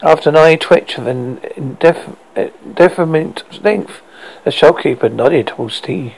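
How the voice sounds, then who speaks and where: A man's voice: a little high, normal speed, vocal fry, slightly rough, poor audio. A man hosting a podcast, telling a comic horror story in a rambling way that often stumbles over words. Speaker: podcast host.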